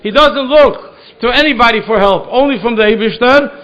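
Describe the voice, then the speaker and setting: A man's voice: very high voice, brisk, lo-fi sound. A man, a rabbi, giving a Torah study lecture in a synagogue hall, earnest and often repeating words as he searches for them. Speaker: rabbi teaching a class.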